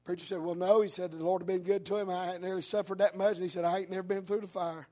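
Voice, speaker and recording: A man preaching a fiery sermon in church, telling a story with a preaching cadence that rises into shouts. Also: high voice, level tone, soft background music. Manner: preaching cadence, rising into shouts, drawn-out words.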